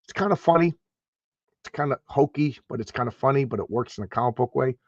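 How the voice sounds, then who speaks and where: A man's voice: medium pitch, fast, no echo, dull audio. A man hosting a casual live stream, rambling and stammering as he repeats words. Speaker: host.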